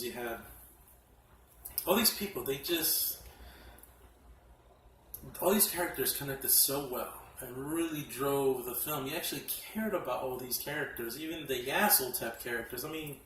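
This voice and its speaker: A man casually reviewing horror films from his collection, excitable and profane, often laughing as he talks. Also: medium pitch, slight background noise. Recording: echoey room, mic at a distance.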